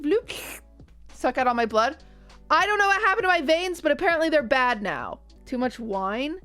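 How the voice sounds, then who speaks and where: A young woman streamer chats casually with her viewers, telling stories animatedly and acting out what other people said. Her voice is high-pitched and the recording is dry.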